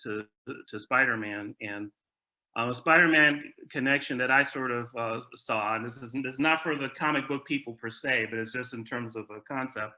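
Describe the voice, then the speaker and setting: A man co-hosts a movie review show, chatting casually with an agreeable, enthusiastic manner and frequently repeating words as he stammers and restarts. His voice is medium-pitched with a bright, forceful tone at a normal speed.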